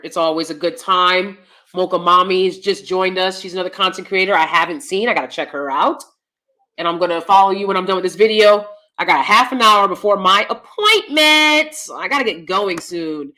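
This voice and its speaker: Woman host, live-stream commentary; bright, edgy tone, blunt and profane delivery. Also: lowish voice.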